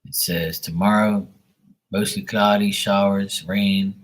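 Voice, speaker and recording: A man with a very low, husky voice hosts a live stream. He talks in a loose, rambling way and swears freely. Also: steady tone, takes it slowly. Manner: rambling, profane and laid-back. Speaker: livestream host. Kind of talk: casual chat.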